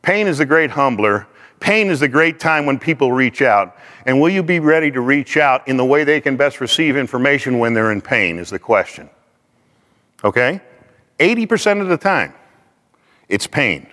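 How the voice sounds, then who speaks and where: A man teaching a class in an animated way, acting out the people he quotes. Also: medium pitch, normal speed. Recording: long hall reverb.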